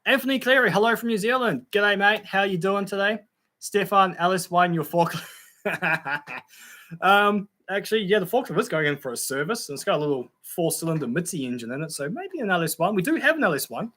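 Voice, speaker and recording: A man's voice: sits high, lively intonation, a little fast, pushed and bright. A young man hosting a casual livestream, reading out viewer comments in a chatty, laid-back way with frequent ums and laughs.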